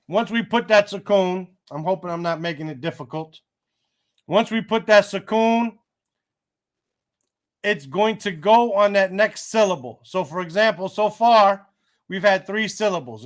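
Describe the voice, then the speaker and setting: A man teaching an Arabic reading lesson one-on-one in a patient, encouraging way. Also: high voice. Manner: patient, encouraging, slow and careful.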